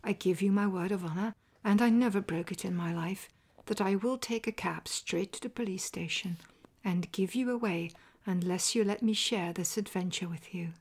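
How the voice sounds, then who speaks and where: An earnest, loyal gentleman doctor, as a woman puts him on in whispered role-play. He presses his point with insistence, a bit louder than the narration. His voice stays hushed and soft, at a middling pitch for a woman. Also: moderate pace, breathy edge. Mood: insistent. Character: loyal, worried male doctor and friend.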